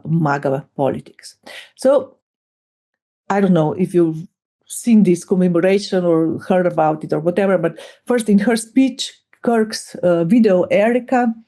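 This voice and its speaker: A middle-aged woman with a Slovenian accent gives an academic lecture, speaking in a measured way with frequent fillers and restarts. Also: lowish voice, dark tone.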